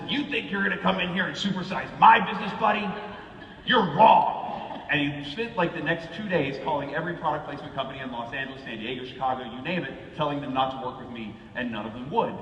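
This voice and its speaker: A man's voice: a little high, slight background noise. A man giving a comic keynote talk, telling stories and acting out the people he quotes. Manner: animated, acts out quoted people. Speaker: keynote speaker. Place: large event hall. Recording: echoey hall, far from the mic, dull sound.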